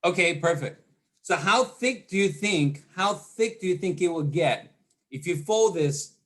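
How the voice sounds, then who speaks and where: A man's voice: high voice, expressive, a little slow. A man giving a motivational training talk over a video call, often repeating words and quizzing his audience. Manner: doubles words, asks the audience questions.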